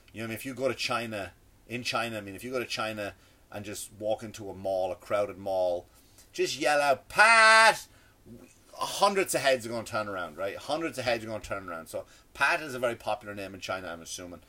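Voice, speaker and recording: A man's voice: on the low side, a little fast, a bit bright. Rambling, stammering man in a sarcastic rant. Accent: non-American English. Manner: rambling, stammers and restarts often; sarcastic, mocking. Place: indoors, seated in a chair.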